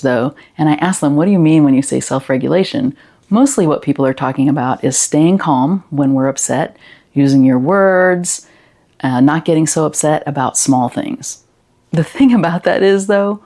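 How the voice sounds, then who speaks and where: Woman presenting to educators, low voice, gravelly, mellow tone, gentle explaining. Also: normal speed. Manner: gentle, explaining, asks the listener questions. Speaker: educator and consultant.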